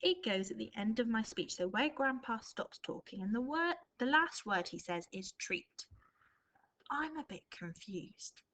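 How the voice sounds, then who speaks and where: A woman's voice: medium pitch, pushed and bright, a little hiss or hum, poor audio. Woman teaching a writing lesson. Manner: thinks aloud, reads example sentences slowly and expressively. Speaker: primary school teacher. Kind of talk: recorded remote writing lesson.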